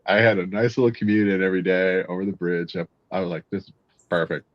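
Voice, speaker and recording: Deep-voiced crude joking man, dry lo-fi. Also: fairly even intonation, quick pace, no room sound. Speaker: Marine veteran. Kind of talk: casual chat. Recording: dry, dull lo-fi sound.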